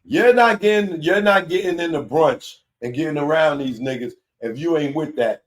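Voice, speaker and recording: A man, hosting a live commentary show in a casual, animated way that keeps repeating his points. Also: a little high, moderate pace. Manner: animated, laughing, repeats himself.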